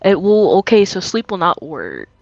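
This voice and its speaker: A woman playing a tabletop game, excitable and quick to interrupt. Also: lowish voice, dry recording, soft background music. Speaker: player. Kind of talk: casual tabletop role-play. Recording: dull, dry lo-fi mic.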